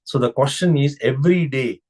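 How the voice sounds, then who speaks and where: A man's voice: medium pitch, brisk, a little mellow, slightly rough. Male spiritual teacher, mid-range voice, reflective discourse style, leans on rhetorical questions.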